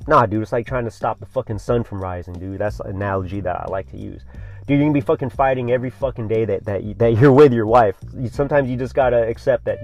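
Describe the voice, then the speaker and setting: A man hosting a casual solo podcast, telling a story in a rambling, profane surfer-bro way. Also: medium pitch. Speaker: podcast host.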